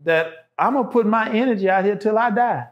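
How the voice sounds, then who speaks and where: A man's voice: high voice, fairly quick, muffled recording, crowd noise. A man, a show guest, talking passionately and emphatically, repeating phrases to drive his points home. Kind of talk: impassioned casual talk.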